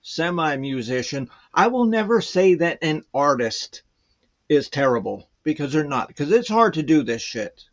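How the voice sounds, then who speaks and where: A man's voice: a little high, very animated, unhurried, lo-fi sound. A man guest chatting casually in a rambling, hesitant way, full of fillers. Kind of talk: casual chat.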